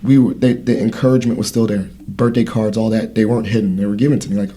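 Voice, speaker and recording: A man's voice: lowish voice, fairly even intonation, fast, dark tone, a little hiss or hum. A man in his thirties hosting a casual podcast conversation, telling a story in a rambling way with many fillers and restarts. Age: 30s. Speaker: podcast host.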